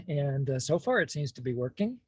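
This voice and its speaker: A man hosting a mindfulness practice group from a parked car on a video call, speaking slowly and calmly and often clearing his throat. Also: a little high, no echo. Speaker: meditation class host. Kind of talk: gentle guided mindfulness. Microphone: phone on video call.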